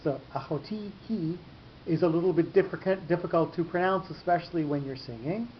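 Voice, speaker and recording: A man teaching a class on cantillation marks. He explains patiently, rephrases often, and fills pauses with ums. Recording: dull lo-fi recording with faint rumble.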